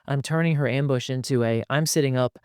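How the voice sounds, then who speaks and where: An animated man talks through advice on a casual podcast. He jumps into quoted voices as he goes, and his voice sits at a middle pitch. The sound is dry and close. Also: fairly quick, smooth, no room sound. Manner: animated, acts out quoted lines in shifting voices. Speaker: podcast host.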